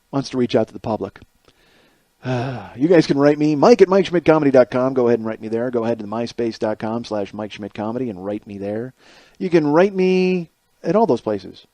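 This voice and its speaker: A man's voice: medium pitch, dark tone, dry recording. A man hosting a comedy podcast, delivering a sarcastic, exasperated rant full of profanity.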